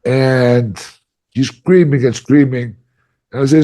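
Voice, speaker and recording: A man facilitating ayahuasca workshops, telling a story in a casual podcast chat, animated and emphatic with lots of "like" fillers. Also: mid-range voice, slow pace, pauses often.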